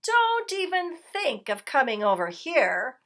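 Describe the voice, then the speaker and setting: A woman voicing a grumpy, prickly male rat in a read-aloud storybook, shouting taunts across a junkyard. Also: a little high, big pitch swings, a little slow, full character voice.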